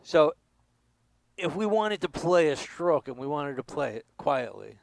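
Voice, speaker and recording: A man's voice: on the high side, very animated, moderate pace, gravelly, no echo, rough recording. Man teaching drums, counting aloud. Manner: explanatory, counts aloud with accents. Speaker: drum instructor. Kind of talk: demonstration lesson.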